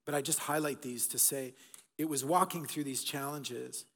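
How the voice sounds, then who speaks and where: A middle-aged man preaching from the pulpit, his average-pitched voice rising into emphatic bursts and then dropping to a hushed near-murmur. His words ring out into the long reverb of a large church hall. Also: steady tone, moderate pace. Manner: emphatic, swinging between loud bursts and soft hushed passages. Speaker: pastor. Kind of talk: Easter sermon. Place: church auditorium.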